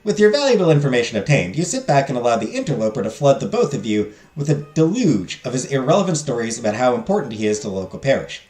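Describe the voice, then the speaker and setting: A man's voice: medium pitch, sing-song, quick pace, few pauses, darkish tone. A man streaming a story game, reading the narration aloud and joking playfully about the voices he does. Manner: playful, laughs at his own voices. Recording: roomy echo with faint game music.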